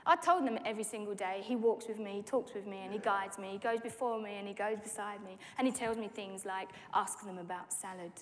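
A woman preaching a personal testimony sermon, telling the story with lively acted-out dialogue. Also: mid-range voice, fast talker, hardly any pauses, a little hiss or hum. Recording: long hall reverb.

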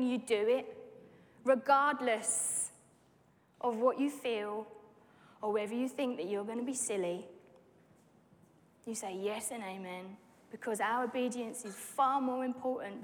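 A woman preaching a personal testimony sermon, telling the story with lively acted-out dialogue. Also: fairly high pitch. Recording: long hall reverb.

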